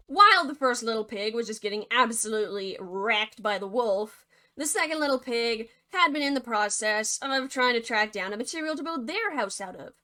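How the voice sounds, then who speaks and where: A young woman narrates a fairy tale for laughs, casual and sarcastic, with constant dry asides. Her voice is somewhat high, bright and forceful. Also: expressive, normal speed. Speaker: video creator and narrator. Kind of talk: comedic storytelling narration.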